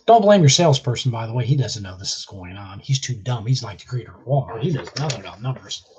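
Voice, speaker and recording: A man's voice: mid-range voice, expressive, fast, a little mellow, slightly rough, muffled recording. A man with a chest cold, bluntly scolding viewers in a casual live stream rant and swearing freely. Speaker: vlogger.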